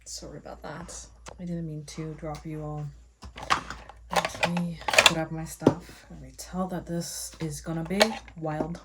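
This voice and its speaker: A woman with a lowish voice talks through her routine at home, rambling and thinking out loud. Her chatter comes over steady, clearly audible background noise. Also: measured pace. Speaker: vlogger. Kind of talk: casual rambling narration. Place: at home, getting ready.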